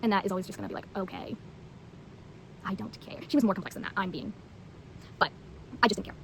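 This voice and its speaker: A woman's voice: medium pitch, expressive, rapid-fire, a little hiss or hum, poor audio. A teenage girl chatting casually about books she has read, rambling with lots of fillers and blunt opinions. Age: teens. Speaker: vlogger. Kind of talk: casual book review chat.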